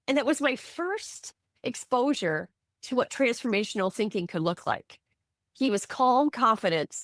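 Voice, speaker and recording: A middle-aged woman from the US, an ADHD coach teaching on a live video call, animated and acting out quoted voices with self-deprecating asides. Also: a little high, moderate pace, no echo, clean studio sound. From Midwestern US. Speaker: ADHD coach and guest speaker.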